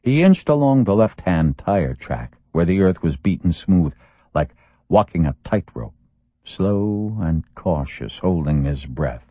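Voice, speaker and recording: A man narrates a thriller audiobook in a steady, measured way, his voice sitting very low. The recording sounds dull and lo-fi, dry and close with no room sound. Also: no room sound.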